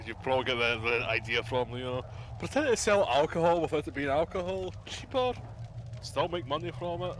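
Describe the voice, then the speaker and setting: A man's voice: on the high side, fairly quick, a bit bright, a little hiss or hum. A man, narrating and running a live tabletop game as dungeon master, chatty, with restarts and asides.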